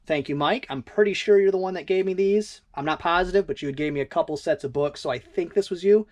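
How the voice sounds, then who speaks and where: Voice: mid-range voice, fast, darkish tone. An eBay reseller talking through recent sales in a casual vlog, rambling and thinking aloud in a conversational way.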